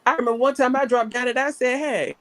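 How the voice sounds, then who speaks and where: A woman's voice: sits high, level tone, very fast, dry recording. A young woman hosting a live online panel, telling stories in a casual, chatty way and defending herself. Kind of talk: casual talk on a live stream.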